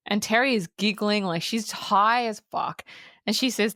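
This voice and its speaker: Swearing, lively woman recapping a film. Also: medium pitch, moderate pace, no echo, clean studio sound. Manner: animated storyteller who acts out quotes and swears freely. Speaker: podcast co-host.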